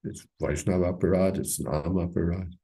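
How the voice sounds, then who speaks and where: A man with a dark, husky voice leads a scripture class. He talks in a halting, searching way, with frequent fillers and pauses. His delivery is informal and reflective. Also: low voice, steady tone. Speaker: teacher leading a scripture class.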